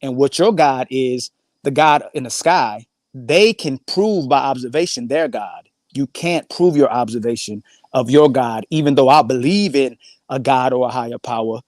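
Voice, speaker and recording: A man's voice: mid-range voice, moderate pace, a little mellow, no echo. Male debate guest, dry close sound, slangy and methodical. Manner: argumentative, builds a premise step by step, slangy. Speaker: panel guest. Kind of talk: casual panel debate.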